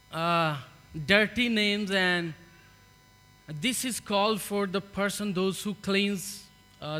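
A man with a Pakistani accent gives a halting church testimony, unhurried and full of pauses. His voice sits high and bright. The sound carries a long hall reverb over a low mains hum. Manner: earnest, halting, with many fillers. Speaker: refugee giving testimony in church.

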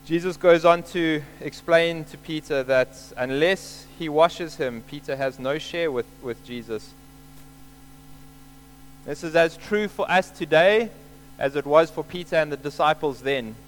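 A man's voice: a little high, low-quality recording. A man preaching a sermon, explaining scripture earnestly and repeating key points for emphasis.

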